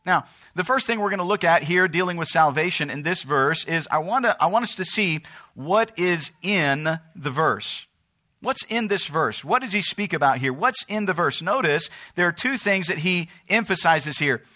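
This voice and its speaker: Man, pastor, sermon in church, bright tone, emphatic, asks the congregation questions. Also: lively intonation, moderate pace. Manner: preaching, rising in pitch and force, calling out to the congregation.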